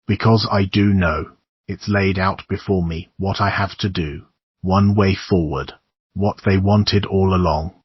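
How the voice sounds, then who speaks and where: Audiobook: male reader as a desperate young woman; low, husky, choked delivery. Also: steady tone, measured pace, no room sound, lo-fi sound. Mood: despairing. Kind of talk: audiobook character reading.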